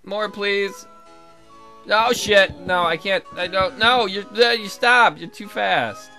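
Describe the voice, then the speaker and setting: A man's voice: sits high, slow pace, faint music behind. A man giving casual, profane, sarcastic commentary while playing a video game. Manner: swears a lot, excitable, sarcastic. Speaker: let's play gamer.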